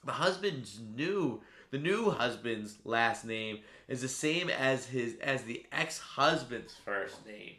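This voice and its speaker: A man hosts a live stream with a bright, forward voice. He calls the race play-by-play, swinging from quiet asides to sudden loud cheering. The room around him rings with echo. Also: mid-range voice, expressive, slow pace, hardly any pauses. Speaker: stream host.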